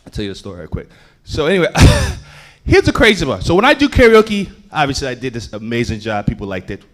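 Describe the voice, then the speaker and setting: Lively, animated stand-up comic man. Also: fast. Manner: animated, swings from loud bursts to low asides. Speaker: stand-up comedian. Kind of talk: stand-up storytelling. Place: comedy club stage.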